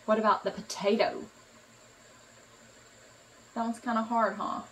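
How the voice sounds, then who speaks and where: A mother in playful talk with her baby, slow, sing-song and encouraging. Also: fairly high pitch, level tone, a bit bright, distant mic, slight background noise, rough recording.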